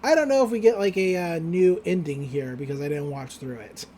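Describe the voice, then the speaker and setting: A woman's voice: on the low side, fairly quick, dark tone, a little hiss or hum. A young woman co-hosting a podcast, chatting casually and rambling through an episode recap. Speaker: podcast co-host.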